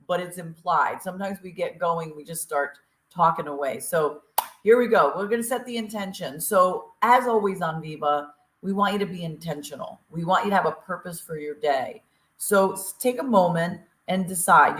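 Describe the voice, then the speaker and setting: A woman's voice: on the low side, a bit bright, reverberant. A woman co-hosting a talk show, chatty and upbeat with lots of fillers, from Eastern Tennessee. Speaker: podcast co-host. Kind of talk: casual show opening and announcements.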